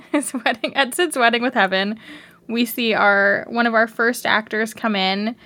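A young woman with a fairly high voice chats about a show on a podcast. She is lively and opinionated and giggles often as she talks. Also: a little slow. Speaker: podcast co-host. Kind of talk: casual chat recapping a show.

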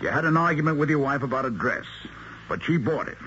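A patient police lieutenant. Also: male voice, on the high side, quick pace, sharp tone, a little hiss or hum. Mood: probing. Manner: firm, coaxing questioning. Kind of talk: 1970s radio drama acting. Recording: dull lo-fi 1970s radio recording.

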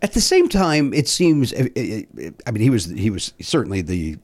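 Male podcast host, casual chat, lively up-and-down voice, jokey, swears a lot. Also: fairly low pitch, normal speed. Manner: animated, joking, swears freely.

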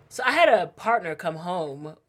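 A woman's voice: on the low side, slow. A woman chatting casually, telling family stories with lots of laughter and acted-out quotes. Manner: animated storyteller, acts out quotes, laughs often. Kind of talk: casual chat.

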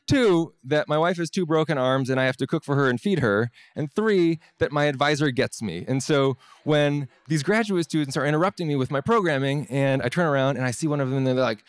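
A scientist telling a personal story to an audience, wry and self-deprecating, with halting restarts. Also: male voice, fairly high pitch, expressive, clear, resonant tone, dry recording.

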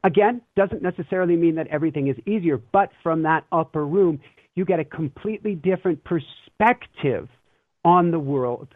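A man's voice: on the high side, normal speed, dry recording. A man guesting on an interview, telling stories earnestly and with energy, laughing now and then. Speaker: interview guest, spiritual teacher. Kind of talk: animated conversational storytelling. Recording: tinny phone-like line, dry.

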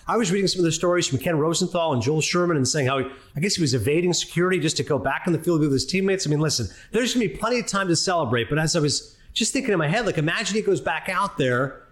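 A Canadian man, a sports broadcaster, chatting as a guest and telling stories quickly. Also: fairly high pitch. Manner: fast, animated storyteller. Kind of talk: casual chat.

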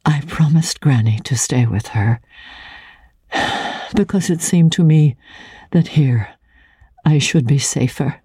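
A woman reading aloud, voicing a troubled, guarded young woman who speaks hesitantly, at times in a hushed whisper. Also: on the low side, slow, pauses often, husky, no room sound, clean studio sound, voice pushed up.

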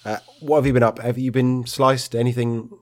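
A man's voice: medium pitch, flat delivery, a little fast, a little mellow. Dry, teasing man chatting. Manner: dry, teasing, laughs along. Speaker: podcast co-host. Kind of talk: casual chat.

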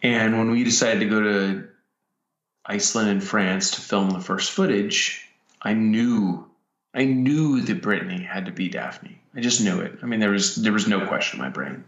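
A man, a filmmaker, reflecting in a personal way, talking haltingly with frequent pauses and restarts. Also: on the low side, fairly bright tone. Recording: roomy, dull lo-fi sound.

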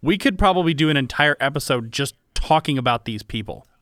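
A middle-aged man co-hosting a casual podcast, speaking in an even, matter-of-fact way. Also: a little high, a little fast, no echo, studio quality. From Georgia, USA. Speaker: podcast co-host.

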